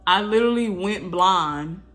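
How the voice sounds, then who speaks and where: A woman vlogger casually telling her birth story to viewers, animated and chatty, with frequent asides to the audience. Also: mid-range voice, unhurried, soft background music.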